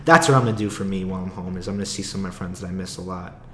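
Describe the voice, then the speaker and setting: A man's voice: deep voice, racing, sharp tone, roomy sound, a little hiss or hum. A young man, an aspiring comic, rambling casually and with a lot of swearing in a solo podcast monologue, with frequent laughs. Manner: rambling, profane, laughs often.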